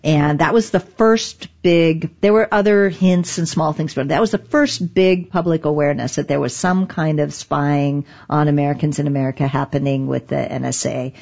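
A woman with a low voice recounts past events in an interview, her delivery animated and full of restarts. She is middle-aged. The recording sounds slightly muffled and lo-fi. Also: moderate pace, vocal fry, hardly any pauses. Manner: animated, laughs often, many restarts. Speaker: guest, digital rights lawyer. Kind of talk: conversational interview storytelling.

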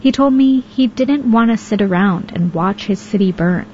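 A woman reporter narrating a radio news feature in a measured, even way. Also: mid-range voice, highs cut off, a little hiss or hum.

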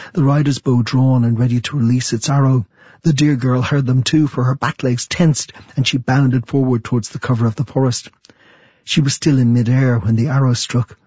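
A man interviewed as an author, answering thoughtfully and reading aloud from his book in a measured storytelling manner. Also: medium pitch, warm tone, breathy edge, no room sound, highs cut off.

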